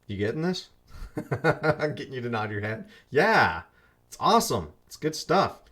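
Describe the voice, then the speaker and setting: A man's voice: mid-range voice, sing-song, unhurried, a bit bright. A man teaching an online marketing course in a chatty, loose way, repeating phrases for emphasis and muttering asides as he fixes his slides. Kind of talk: casual screen-share lesson.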